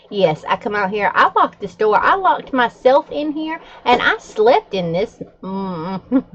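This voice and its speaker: A woman's voice: medium pitch, very animated, takes it slowly, a bit bright, highs cut off, slight background noise. A middle-aged woman, chatting candidly to her viewers with frequent fillers and laughs. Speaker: vlogger. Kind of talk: casual chat to camera.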